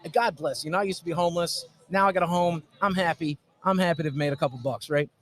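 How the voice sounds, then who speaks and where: Brief: male guest, rowdy and profane, fairly high-pitched, casual storytelling. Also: fast. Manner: rowdy, sweary, animated storyteller. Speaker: guest YouTuber. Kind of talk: casual convention podcast chat. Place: comic convention.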